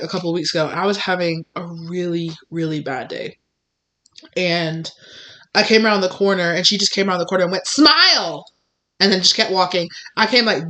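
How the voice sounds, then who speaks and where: Reading tarot for her channel, a young woman speaks in a fairly low-pitched, slightly bright voice. The monologue is casual, candid and emphatic, loosely chatty and peppered with "like" and "you know."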